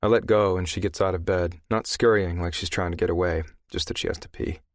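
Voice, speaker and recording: A man narrating a first-person audiobook in a gruff, profane, intimate way on a close mic. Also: low-pitched, fairly even intonation, a little fast, no echo.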